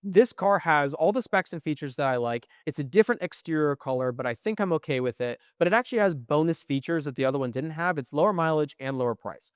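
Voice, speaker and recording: A young man co-hosting a podcast, telling a story in casual, profane, animated chat. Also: fairly high pitch, fast talker, few pauses, clean tone, no room sound, clean studio sound. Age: young adult. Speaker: podcast co-host.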